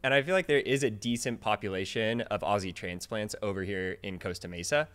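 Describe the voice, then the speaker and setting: A man co-hosting a podcast in casual chat, jokey and quick to laugh. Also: fairly low pitch, a bit bright, clean tone. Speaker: podcast co-host.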